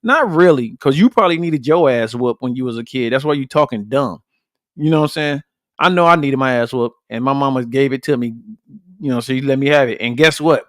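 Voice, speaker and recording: A man's voice: medium pitch, a little fast, dry recording, studio quality. Blunt, fired-up podcast host man. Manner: blunt, profane and animated, repeats points and calls out to viewers. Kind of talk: casual livestream chat with viewers.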